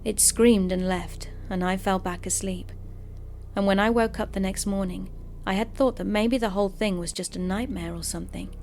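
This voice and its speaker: Female horror narrator with a medium-pitched, even, steady delivery over faint music. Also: normal speed. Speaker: host and narrator of horror stories. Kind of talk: scripted horror story narration.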